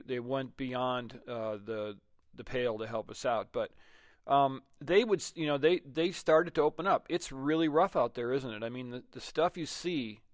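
Dad hosting an interview, kinda halting, lots of restarts, dry close mic. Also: male voice, mid-range voice, dry recording. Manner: warm, halting, searching for words. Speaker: interview host. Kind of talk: conversational interview.

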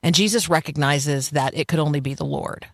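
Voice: medium pitch, fairly quick, creaky, dry recording, studio quality. A radio host giving an earnest devotional teaching, preaching with rhetorical questions.

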